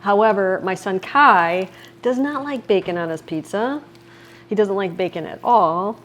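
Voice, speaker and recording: A middle-aged woman from Wisconsin talks a home audience through a recipe step by step. Her voice sits at an ordinary middle pitch, and her delivery is chatty and upbeat. A faint hiss runs under the recording. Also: unhurried, fairly bright tone. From Wisconsin, USA. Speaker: cooking vlogger. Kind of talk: casual cooking demonstration. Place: home kitchen.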